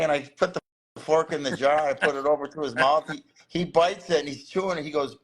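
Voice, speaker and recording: A man's voice: fairly high pitch, a little fast. A middle-aged man, a guest in a casual interview, telling stories animatedly and acting out the people he quotes. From Cleveland. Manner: animated storyteller, acts out the people he quotes, laughs often. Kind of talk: casual storytelling chat.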